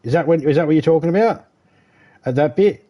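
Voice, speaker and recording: A man's voice: fairly high pitch, fast, dark tone, highs cut off. A man chatting casually on a live game stream, swearing freely, laughing often and rambling. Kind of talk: casual gaming chat. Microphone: headset.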